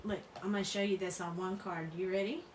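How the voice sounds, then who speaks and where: Brisk and steady-toned, this middle-aged crafting host speaks in a mid-range voice, chatting casually and laughing often while rambling over her craft. A distant mic in a roomy room captures very noisy audio.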